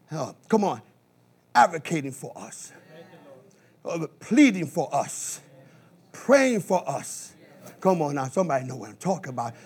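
A man preaching a sermon in an animated call-and-response style, with bursts of shouting. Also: high voice, slightly rough.

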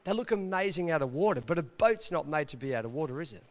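A man's voice: fairly high pitch, expressive, fast. An Australian man, a pastor, preaching a conversational sermon in church, telling stories and asking the congregation rhetorical questions. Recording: long reverb of a church hall.

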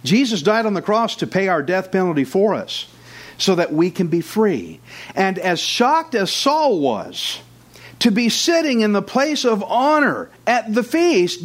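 A man preaching a sermon with fervor, who acts out his listeners' doubts in short quotes. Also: high voice.

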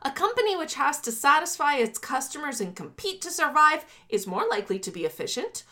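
A woman's voice: high-pitched, sing-song, a little fast, bright, forceful tone, pitched above the performer's own voice, exaggerated voice. A woman putting on a prim woman politician reading out a manifesto in a lofty, proper voice.

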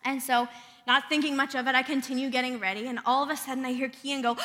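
A woman's voice: high-pitched, steady tone, quick pace, a bit bright. A woman giving an earnest sermon in a church, praying and telling a family story. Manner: earnest, storytelling with prayerful passages. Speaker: preacher. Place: church sanctuary. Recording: long reverb of a church hall.

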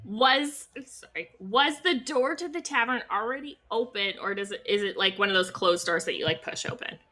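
A woman's voice: medium pitch, animated, moderate pace, pushed and bright. A woman playing a tabletop role-playing game, speaking in a playful, giggly manner. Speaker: player.

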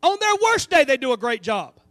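A male pastor delivers an animated sermon, swinging from quiet asides to loud calls to the congregation. His voice sits very high for a man. The sound is dry and close. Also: brisk, no room sound. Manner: animated preaching with call-and-response asides. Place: church sanctuary.

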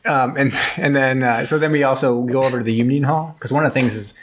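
A man's voice: mid-range voice, steady tone, fast talker, a little hiss or hum. A young man co-hosting a podcast, rambling and joking as he retells a movie's plot. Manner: rambling, jokey, acts out characters' lines. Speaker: podcast co-host. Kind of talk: casual chat recapping a movie.

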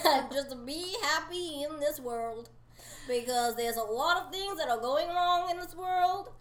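Brief: woman putting on a mock-American advice giver, high voice, slow and sing-song, laughing through her sermon. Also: expressive, fairly bright tone, roomy sound. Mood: mock preachy. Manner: giggly, preachy, breaking into laughter.

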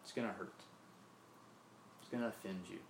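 A man's voice: lowish voice, fairly even intonation, a little fast, creaky, slight background noise. A man from Mississippi preaching a sermon, earnest, often repeating himself and asking "right?". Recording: roomy echo, faint ambience.

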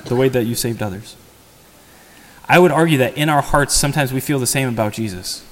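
A man's voice: medium pitch, a little fast, slight background noise. A man giving a homily as a priest, in a conversational sermon style that poses rhetorical questions to the congregation. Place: church. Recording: long church reverb.

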